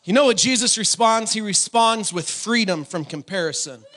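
High, bright-voiced preaching man. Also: expressive, normal speed. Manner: emphatic, shouts key lines, repeats phrases, calls on the congregation. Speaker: pastor. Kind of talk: energetic sermon.

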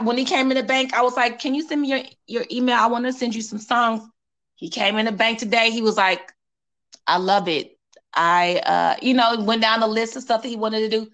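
A woman, a singer sharing a personal story in a casual interview, animated and quoting others with repeated phrases. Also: on the high side.

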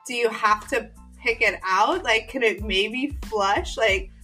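A woman's voice: on the high side, takes it slowly, bright, forceful tone, soft background music. A woman co-hosting a podcast in casual chat, giggly and eager. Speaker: podcast co-host.

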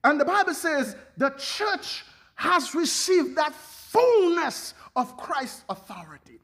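Very high-voiced fervent male preacher. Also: very animated, takes it slowly, vocal fry, sharp tone. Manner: fervent, peppered with hallelujahs and laughter. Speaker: pastor. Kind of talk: sermon.

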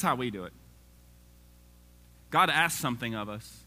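A man preaches in a loose, conversational way. His voice is very bright and forceful, and it swings widely in pitch. He reads scripture aloud and throws in jokes for the congregation. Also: huge pitch swings, moderate pace. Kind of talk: casual sermon.

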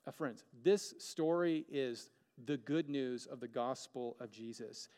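A man's voice: medium pitch, a little slow, darkish tone, big-room sound. A man preaching a sermon as a pastor, earnest, with rhetorical questions and dramatic shifts of pace.

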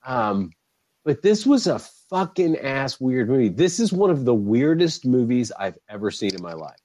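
A man hosting a casual podcast chat, animated and swearing freely, laughing often. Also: mid-range voice, moderate pace, no room sound, rough recording. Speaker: podcast host.

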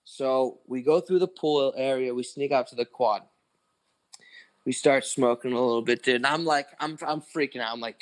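A man's voice: medium pitch, moderate pace. A man in his twenties, a podcast co-host, telling a long story in casual chat, rambling with lots of "like" and swearing.

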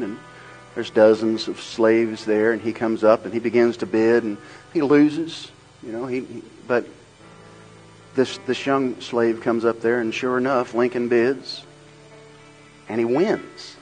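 A man preaching a sermon. He swings between loud, rhythmic, repeated phrases and a low, quiet storytelling tone, over faint music. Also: fairly even intonation, unhurried, rough recording. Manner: swells into loud, rhythmic repetition. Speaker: pastor.

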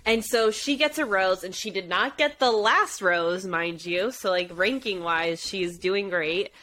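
A young woman co-hosting a podcast, her voice bright and forward. She talks in a chatty, animated way and slips into playful voices to quote people. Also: medium pitch, measured pace, slight background noise, poor audio. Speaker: podcast co-host. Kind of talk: casual chat recapping a dating show.

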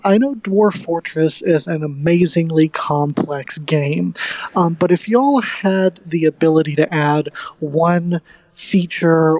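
A man's voice: a little high, a little mellow, no room sound. A man leaving a friendly, hesitant voice message full of uhs and ums. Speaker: listener sending a voice message. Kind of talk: recorded voice message.

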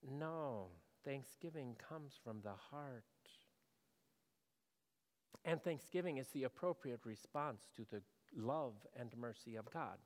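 A male pastor preaching a sermon in a conversational way, asking the congregation questions and moving between loud and hushed delivery. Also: mid-range voice, slow pace, in a large hall.

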